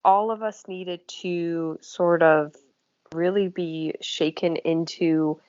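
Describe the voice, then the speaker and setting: A woman's voice: on the low side, fairly even intonation, slow, darkish tone, dry recording, highs cut off. A woman hosting a casual spiritual chat, reflective and hedging, laughing often. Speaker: host and spiritual guide.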